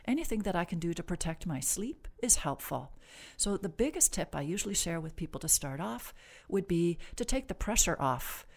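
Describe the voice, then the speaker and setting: A woman clinician, a guest on the podcast, explaining stress and sleep in a measured, reassuring, gently instructive way. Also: lowish voice, sing-song, gravelly. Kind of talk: calm explanatory interview talk.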